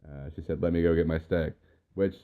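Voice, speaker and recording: A man's voice: sits low, steady tone, fairly quick, smooth. A tipsy man co-hosting a casual podcast, talking in a loose, rambling way while drinking. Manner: loose, rambling, drunk-sounding. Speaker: podcast co-host. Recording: lo-fi, phone-like sound.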